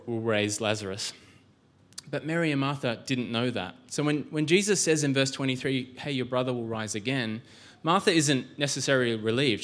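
A man preaches a sermon in a church, talking in a loose, conversational way. He keeps throwing rhetorical questions at the room and restarts his sentences often. His voice sits at an ordinary middle pitch. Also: a bit bright. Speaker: pastor.

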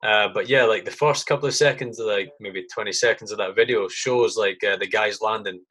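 British ex-army guy hosting a podcast, lowish voice, swears a lot, rambles on. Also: brisk, sharp tone, husky, poor audio. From Britain. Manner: swears freely, loose and rambling. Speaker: podcast host. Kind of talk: casual chat.

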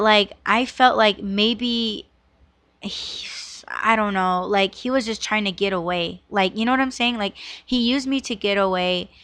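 A woman's voice: medium pitch, fairly bright tone, dry recording. A woman in her thirties hosting a podcast and telling a personal story in a rambling, emotional way, swearing often and filling her talk with "like" and "you know". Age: 30s. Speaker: podcast host. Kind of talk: casual storytelling monologue.

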